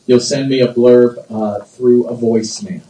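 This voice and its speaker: A man's voice: medium pitch, fairly even intonation, unhurried, noisy background. A man preaching a sermon as pastor, emphatic, repeating phrases and drawing responses from the congregation. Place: church sanctuary. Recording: roomy church echo, distant mic.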